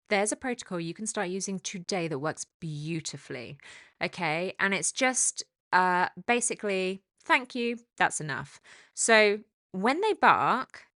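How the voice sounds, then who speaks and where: A woman dog trainer giving a calm, explanatory talk on training, turning lively when she acts out the dog. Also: mid-range voice, dry recording, clean studio sound. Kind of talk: instructional talk.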